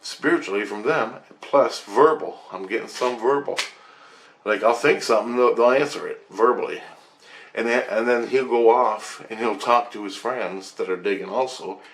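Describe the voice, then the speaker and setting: A man telling a rambling, excitable personal story to his viewers, with frequent swearing. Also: medium pitch, moderate pace. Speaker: vlogger.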